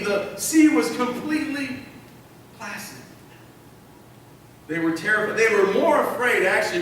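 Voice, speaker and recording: High, bright-voiced preacher in an echoey hall. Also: male voice, distant mic, a little hiss or hum. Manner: emphatic, repeats key phrases, asks the crowd questions. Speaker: pastor. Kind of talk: sermon.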